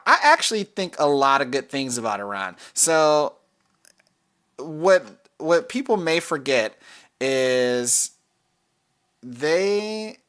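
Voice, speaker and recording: A man's voice: a little high, fairly bright tone, smooth. Rambling male podcast co-host. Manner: rambling, self-correcting, frequent fillers. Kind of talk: casual chat about soccer picks.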